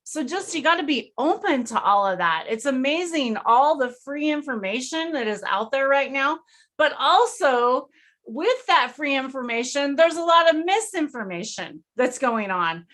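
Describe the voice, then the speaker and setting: A woman's voice: high voice, expressive, moderate pace, fairly bright tone. A woman hosting a casual live stream, chatty and enthusiastic, with lots of fillers, over a video call. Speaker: host.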